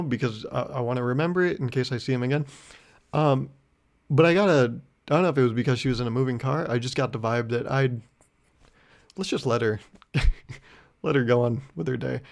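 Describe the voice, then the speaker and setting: A man's voice: medium pitch, creaky. A young man talks through his own podcast in a loose, rambling monologue. He mocks himself, laughs a lot, and now and then puts on a fake-outraged rant. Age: young adult. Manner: rambling and self-mocking, laughing often, with mock-indignant rants. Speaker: podcast host. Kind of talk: casual solo podcast monologue.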